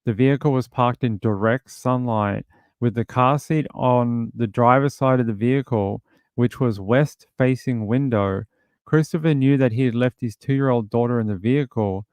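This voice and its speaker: A man's voice: mid-range voice, moderate pace, darkish tone, clear, resonant tone, no room sound. An Australian man hosting a casual true-crime livestream, speaking bluntly and with indignation as he reads viewer comments aloud. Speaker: livestream host.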